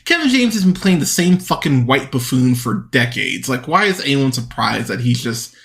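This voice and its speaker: A man's voice: mid-range voice, very animated, normal speed, fairly bright tone. A man hosting a movie podcast, ranting profanely and with exasperation about bad films, often restarting his sentences. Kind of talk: solo movie review rant.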